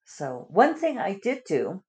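A woman's voice: mid-range voice, wildly swooping pitch, a little slow, a little mellow. A woman writer chatting casually through her weekly video update, rambling with lots of fillers and little laughs. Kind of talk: casual chat.

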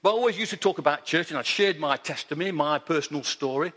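A man's voice: a little high, fast, fairly bright tone. Earnest preacher man in a reverberant hall. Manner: earnest storytelling, repeats his point. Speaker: pastor. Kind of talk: sermon.

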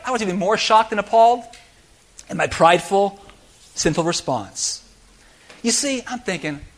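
A middle-aged pastor preaches in a church, his fairly high voice leaping up and down as he tells a story. He swings between loud exclamations and near-hushed confession. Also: animated, moderate pace. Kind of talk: sermon. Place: church sanctuary.

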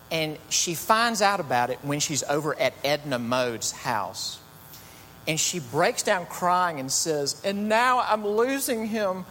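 A man's voice: medium pitch, fairly bright tone. A man preaching a sermon in a conversational, storytelling way with chatty asides. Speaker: pastor. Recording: long reverb, faint hum.

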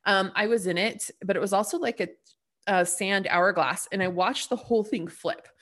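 A woman's voice: medium pitch, moderate pace, a bit bright. A woman hosting her own podcast in a casual spiritual monologue, chatty and full of fillers, blunt and cheerfully profane. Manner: chatty, full of "like" and "you know". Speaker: podcast host.

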